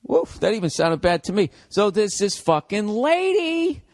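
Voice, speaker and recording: Middle-aged boston guy ranting on his podcast, kinda high voice, swears a lot, dead dry room. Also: sing-song, unhurried, dry recording. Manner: profane, sarcastic, answers his own questions. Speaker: podcast host. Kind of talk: solo comedic rant.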